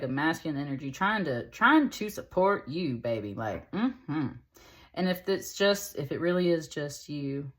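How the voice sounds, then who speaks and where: A woman with a slightly low voice gives a casual tarot reading to camera. She talks in a chatty, upbeat way. She addresses her viewers directly and warmly with little endearments. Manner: chatty and upbeat, with many fillers and laughs. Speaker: tarot reader.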